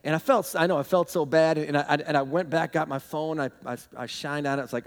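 A man preaching a sermon as pastor, telling animated stories with bursts of shouting and laughter. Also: on the high side, brisk, few pauses. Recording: long hall reverb.

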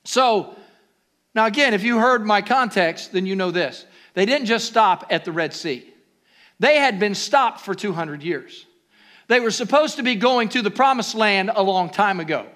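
Pastor guy preaching, high bright voice, goes quiet then loud and climbing. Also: animated, moderate pace. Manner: preaching with sudden loud rises and quiet asides. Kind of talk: sermon.

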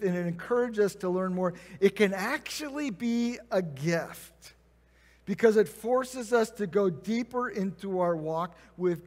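A man preaching a conversational sermon, acting out quoted prayers and replies. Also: high voice. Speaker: pastor. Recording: long reverb of a church hall.

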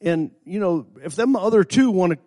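Folksy preacher in an echoing church. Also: male voice, high voice, expressive, normal speed, warm tone. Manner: folksy, repeats himself, rises to fervent emphasis. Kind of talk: sermon storytelling. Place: church sanctuary. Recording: long hall reverb.

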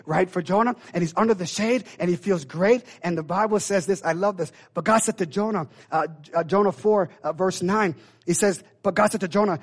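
A high-voiced man preaching to his church with big swings in energy. He acts out the lines of the figures in his story and rises at times to a near shout. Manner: animated, acts out biblical voices, builds to shouts. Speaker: pastor. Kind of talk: sermon.

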